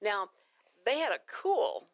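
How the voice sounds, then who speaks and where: An older woman hosts a casual radio chat show. Her pitch swings widely as she talks, and she sounds chatty and teasing. The sound is dry and close. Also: wildly swooping pitch, slow, no echo. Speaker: radio talk show host.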